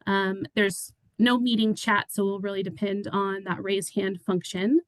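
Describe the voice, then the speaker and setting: A woman's voice: mid-range voice, flat delivery, a little slow, no room sound, poor audio. A woman who works as an executive assistant, running an online public meeting in a friendly way with many fillers. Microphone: video call.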